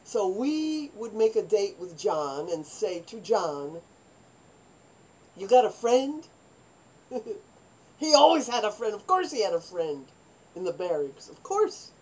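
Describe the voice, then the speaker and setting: An older woman in a personal storytelling monologue, rambling and animated, acting out the voices of people in her stories. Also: mid-range voice, measured pace, breathy edge, rough recording. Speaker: vlogger telling her life story.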